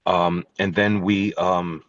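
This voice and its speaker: A man with a fairly low voice tells his stories as a guest, blunt and swearing freely as he rants. The sound is dull and lo-fi, with a dry, close feel and no room around it. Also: little pitch movement, slow pace, fairly bright tone, no echo. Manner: blunt, profane, ranting. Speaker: guest musician, guitarist. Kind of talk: casual storytelling interview.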